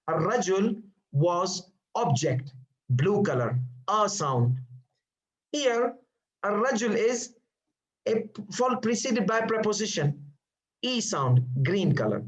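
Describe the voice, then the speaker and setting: Guru pria beraksen Asia Selatan, suara agak tinggi. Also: male voice, sits high, very animated, slow, rough recording. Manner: drills students with questions and answers himself; repeats terms patiently, many fillers. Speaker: Arabic grammar teacher. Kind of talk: classroom lecture.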